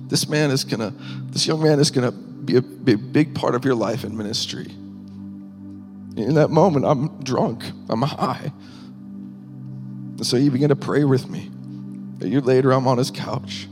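A man sharing a personal testimony in a sermon, earnest and halting, with small laughs between thoughts. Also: mid-range voice. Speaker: minister. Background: music.

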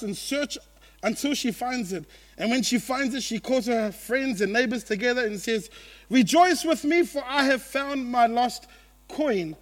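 A man preaching a sermon to a church gathering, animated and playful, swinging between loud and hushed. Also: very high voice.

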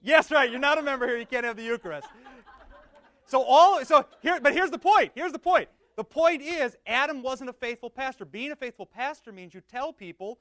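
A man preaching as pastor, teaching with banter and swinging from soft asides to loud emphatic bursts. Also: very high-pitched, moderate pace, no room sound. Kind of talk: teaching sermon with audience banter.

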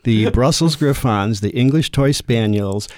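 Measured man explaining dog judging. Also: medium pitch, a little mellow, dry recording, studio quality. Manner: measured, explanatory, with frequent fillers. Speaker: kennel club president and dog show judge. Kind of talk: casual radio interview.

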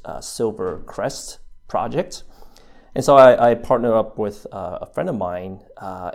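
Guest, male, 30s, American accent; low, gravelly voice, hesitant delivery full of ums. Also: darkish tone. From New Zealand. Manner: hesitant, lots of fillers and restarts. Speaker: interview guest. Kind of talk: casual interview.

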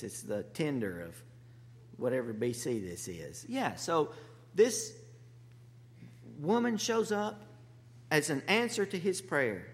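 A male pastor retells a story with jokes and a chatty, conversational delivery. His somewhat high voice rings out with a long hall reverb. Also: a bit bright. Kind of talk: sermon.

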